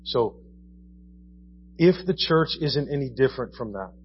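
A man's voice: mid-range voice, expressive, measured pace, highs cut off, slight background noise. A man preaching a sermon in a conversational style, asking his listeners question after question. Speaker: pastor. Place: church.

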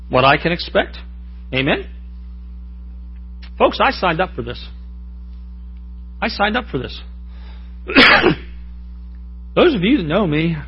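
A man's voice: high voice, slightly rough, dull audio. A man preaching a sermon in a folksy, joking way, often calling out to the congregation for an amen. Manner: folksy, joking, asks the crowd for amens.

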